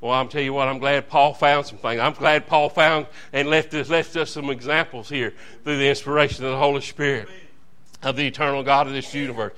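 Male preacher, fervent folksy sermon delivery, forceful and ringing. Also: mid-range voice, fairly even intonation, fairly quick, clear, resonant tone. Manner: fervent, folksy, calls to the congregation. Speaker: visiting preacher. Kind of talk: revival sermon.

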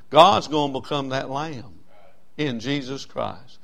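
A man preaching a sermon in a folksy way, swinging between loud stressed words and soft drawn-out phrases. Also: medium pitch. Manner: folksy, with frequent uh fillers. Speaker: pastor.

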